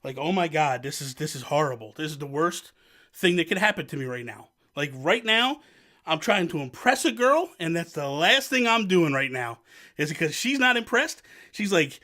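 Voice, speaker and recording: A young vlogger from New Jersey, his voice a little high and his pace normal, tells a self-mocking story to camera. He's animated and acts out what other people said.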